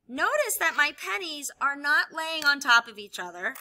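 Bright high-voiced woman teacher. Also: very animated, normal speed. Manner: upbeat, explaining while demonstrating with objects. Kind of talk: classroom video lesson.

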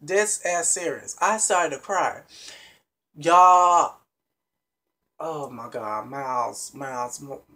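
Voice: medium pitch, slow, long pauses, pushed and bright. Chatty reality show recap vlogger. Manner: chatty, emphatic, addresses viewers as y'all, many restarts. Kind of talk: casual spoken recap to viewers.

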